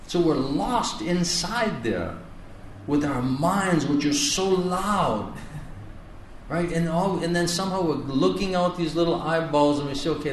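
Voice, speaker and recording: A man's voice: on the high side, a little hiss or hum. A man giving a spiritual class as a monk, preaching earnestly and stretching out repeated words for emphasis. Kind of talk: sermon. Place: lecture hall in India. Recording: echoey room from far off, faint ambience.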